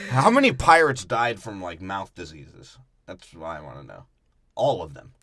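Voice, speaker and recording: A man's voice: low-pitched, wildly swooping pitch, unhurried, long pauses, sharp tone. A man co-hosting a podcast, breaking down a movie in a crude, profane and mocking way. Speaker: podcast co-host.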